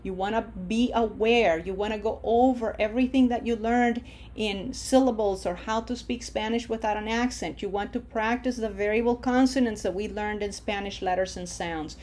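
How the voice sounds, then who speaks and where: A woman's voice: mid-range voice, steady tone, a little mellow. A woman teaching a Spanish lesson, patiently leading conjugation drills and checking in with her students. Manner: slow, drawn-out model pronunciations; patient, encouraging, checks in with "okay?".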